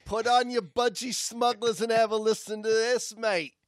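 A brash, cheery Aussie bloke in a thick mock Australian accent, put on by a podcast host, loud and hammy with a raised, drawn-out delivery. The sound is dry and close. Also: male voice, extremely high pitch, steady tone, no echo, voice pushed up. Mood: hammy boisterous.

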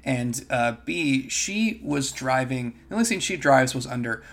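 A man's voice: mid-range voice, expressive, measured pace, a bit bright. Wry male podcast co-host. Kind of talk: casual chat.

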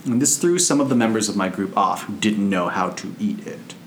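A man's voice: lowish voice, lively intonation, a little fast, echoey room, slight background noise. A man, a Buddhist monk, giving a casual storytelling Dharma talk in a loose, conversational, anecdotal way.

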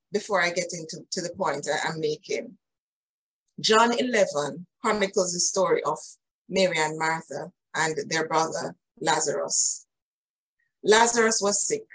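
Emphatic woman preacher, husky voice. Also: on the low side, fairly bright tone, low-quality recording. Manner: earnest, emphatic, addresses listeners directly. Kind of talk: sermon.

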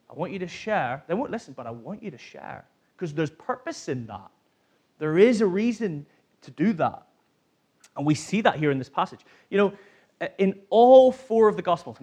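A man preaching a sermon to a congregation, talking in a lively, conversational way and putting questions to them. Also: fairly high pitch. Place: church hall.

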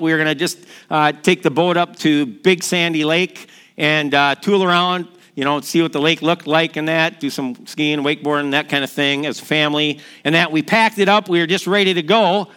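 A middle-aged man preaching a sermon in a lively, story-telling way, acting out the quotes in his stories. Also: a little high, fairly quick, smooth. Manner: storytelling, energetic, acts out quotes. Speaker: pastor.

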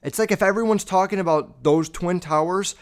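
A man's voice: high-pitched, a little fast. Profane, rambling male podcast host. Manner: profane, blunt, rambling with many fillers. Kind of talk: casual ranting commentary.

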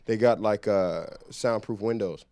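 A man's voice: lowish voice, measured pace, creaky, dry recording. A man, a comedian guest on a podcast, telling loose, profane stories in studio. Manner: loose, profane, animated storytelling. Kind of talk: casual storytelling.

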